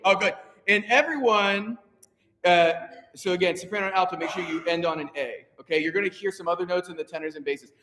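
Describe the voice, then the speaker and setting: Man, choir conductor, high voice, encouraging, counting in, echoey hall, piano in the background. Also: a little fast, a little hiss or hum. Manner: energetic, encouraging, counts in beats. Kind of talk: rehearsal instruction. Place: rehearsal room with a piano.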